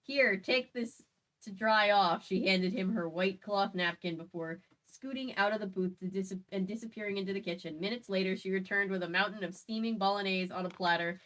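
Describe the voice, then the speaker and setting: Woman host reading a silly book out loud, cracking jokes between lines. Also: medium pitch, a little fast, hardly any pauses. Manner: playful, chatty asides. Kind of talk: reading a book aloud with comedic commentary.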